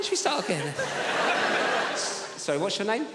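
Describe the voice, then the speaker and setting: A man doing stand-up crowd work on a theatre stage, teasing the audience with quick-witted banter. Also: sits high, very animated, heavy background noise. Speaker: stand-up comedian. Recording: live theatre hall with loud crowd.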